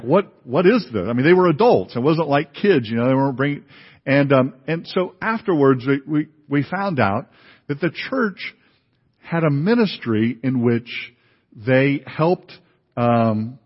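Guy preaching a sermon, kinda breathy voice, lots of ums and restarts, sounds like a big echoey church. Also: medium pitch. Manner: conversational, many fillers and restarts. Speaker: pastor. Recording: dull, lo-fi recording in a reverberant hall.

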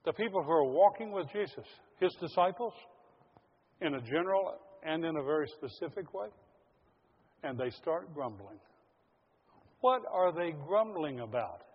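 Pastor preaching in an echoing hall. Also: male voice, fairly high pitch, lively intonation, normal speed, pauses often, husky. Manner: earnest, addresses congregation as folks. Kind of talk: sermon. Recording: lo-fi audio in a large reverberant hall.

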